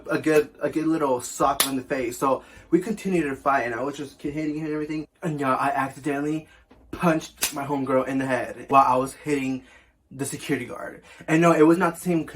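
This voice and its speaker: A man's voice: medium pitch, slight background noise. A young man telling a casual storytime as a vlogger, chatty and full of fillers, swearing often.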